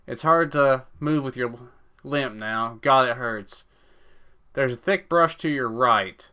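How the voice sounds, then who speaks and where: A man's voice: mid-range voice, a little slow, bright, forceful tone, clear, resonant tone. A man reading a text adventure game aloud, mixing dramatic narration with swearing and joking asides. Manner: reads narration in a dramatic voice, swears and cracks jokes between passages. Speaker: let's play gamer.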